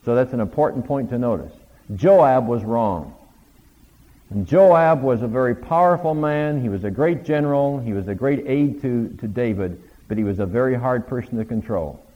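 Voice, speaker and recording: A man's voice: medium pitch, expressive, normal speed. A man giving a conversational Bible lecture, retelling the stories with quoted lines of dialogue. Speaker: Bible teacher. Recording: lo-fi recording with long hall reverb.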